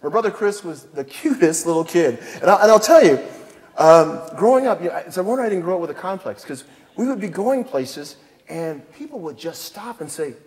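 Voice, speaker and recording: A man in his fifties tells personal stories from a theatre stage, his voice pitched a little high for a man. He is self-deprecating and chuckles as he goes. The speech rings with a long reverb from the hall. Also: very animated, fairly quick, darkish tone. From El Paso, Texas. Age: 50s. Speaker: commanding general giving a keynote. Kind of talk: keynote speech, personal storytelling. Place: theatre stage before an audience.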